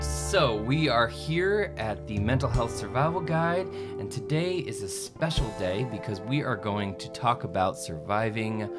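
Male podcast host, low voice. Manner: friendly, rambling, self-correcting. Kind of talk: casual interview chat.

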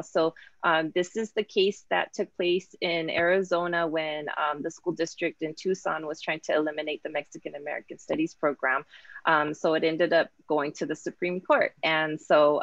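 Low-voiced woman hosting a casual class chat. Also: no room sound, lo-fi sound. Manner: warm, chatty, mixes in Spanish words. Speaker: host and professor.

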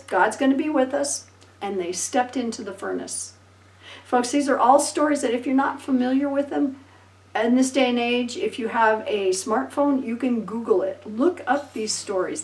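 A woman pastor preaching a sermon, telling Bible stories with lively acted-out voices and laughter. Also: fairly high pitch, moderate pace, reverberant, distant mic, rough recording. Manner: animated storytelling, acting out voices and laughing.

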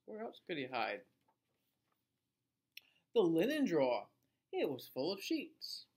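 A male teacher reading a picture book aloud to children in an expressive voice, asking them questions along the way. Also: on the high side, slow pace. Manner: expressive, asks listeners questions.

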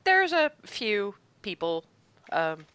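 A woman running a tabletop game, describing scenes slowly and pausing to find her words. Her voice is bright and sits close and dry on the mic. She speaks at a middle pitch. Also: big pitch swings, smooth, no echo. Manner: unhurried, searching for words. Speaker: game master.

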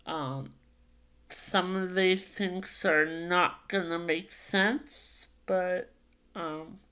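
Brief: male vlogger, crisp bright tone, halting, full of ums, very slow. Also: high voice, steady tone. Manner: hesitant, many ums and repeated phrases. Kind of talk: casual vlog storytelling.

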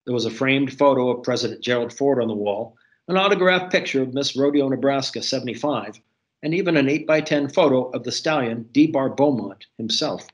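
A man's voice: medium pitch, lo-fi sound. Middle-aged man reading his novel. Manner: steady, unhurried storyteller. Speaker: author and artist. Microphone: video call.

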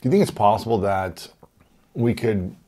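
A man's voice: on the low side, moderate pace, mellow. A man interviewing a doctor, reacting eagerly and asking questions in casual chat. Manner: eager, reacts with short exclamations.

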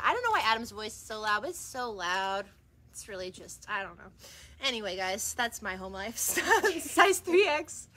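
A woman's voice: on the high side, bright, forceful tone. A woman co-hosting a live resale-shop sale, joking playfully and laughing between prices and sold numbers in a shop. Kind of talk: live shopping stream chat. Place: shop interior.

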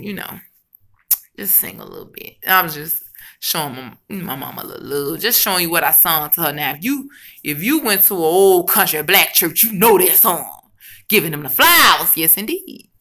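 A woman vlogging casually about her weight loss, chatty and expressive, talking straight to her viewers. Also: mid-range voice, normal speed. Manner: chatty, addresses viewers as y'all and honey; emotional and expressive, rambling with restarts. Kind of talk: casual chat to camera.

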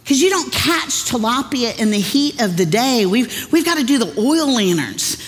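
A woman voicing a gruff, skeptical fisherman, blunt and folksy, with a long church-hall reverb. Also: on the high side, very animated, normal speed, pitched above the performer's own voice. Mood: scoffing.

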